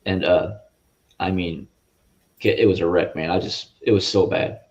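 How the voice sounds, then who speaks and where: Earnest rambling man, low muffled voice. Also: fairly even intonation, normal speed, a little mellow. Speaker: interview guest. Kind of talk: personal faith testimony. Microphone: video call. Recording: muffled lo-fi audio.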